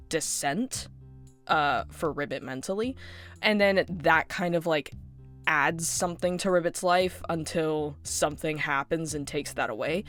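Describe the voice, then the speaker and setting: A woman casually rambling about her ideas for a fan story, full of fillers like "like" and "um". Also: low-pitched. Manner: rambling with many fillers and laughs.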